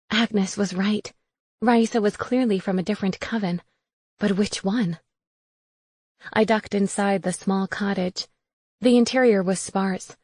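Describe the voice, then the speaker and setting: Woman audiobook narrator, wry and even, close dry studio mic. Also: mid-range voice, no echo. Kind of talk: first-person audiobook narration.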